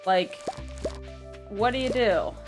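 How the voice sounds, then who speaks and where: A woman's voice: medium pitch, takes it slowly. Chatty, blunt woman streaming with game music. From New York. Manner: chatty, blunt, with casual swearing. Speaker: streamer playing a farming game. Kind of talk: casual chat while gaming.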